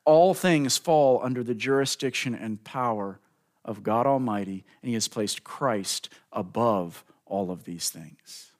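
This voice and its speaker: A man preaching a sermon, building to emphatic lines and drawing out key words slowly, speaking directly to the congregation. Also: mid-range voice. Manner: preaching with rising emphasis and slow drawn-out stresses; addresses the congregation directly as folks. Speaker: pastor.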